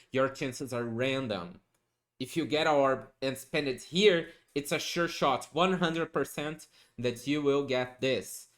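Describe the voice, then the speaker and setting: A man giving a casual game tutorial, talking through steps while he plays and often checking in with a quick "okay?"; he gets excited when he spots good items. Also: mid-range voice. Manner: chatty, explanatory, ends points with a questioning "okay?". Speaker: gaming guide creator.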